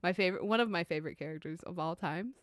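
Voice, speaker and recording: Woman, podcast co-host, playful and enthusiastic, slightly low voice, dry close mic. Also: dry recording. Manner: playful, enthusiastic, drawn-out emphasis. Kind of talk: casual chat.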